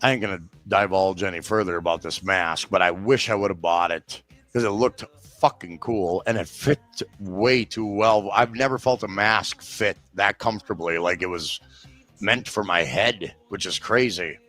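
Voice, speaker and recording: A man's voice: sits low, moderate pace, fairly bright tone, faint music behind. Profane, rambling man telling a story. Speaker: show regular. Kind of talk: casual live-stream chat.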